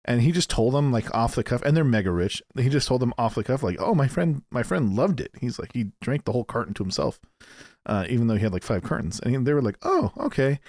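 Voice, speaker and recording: A man's voice: medium pitch, fast talker, darkish tone, no room sound, studio quality. A man co-hosting a podcast in casual chat, rambling with lots of restarts and fillers and swearing freely. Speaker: podcast co-host.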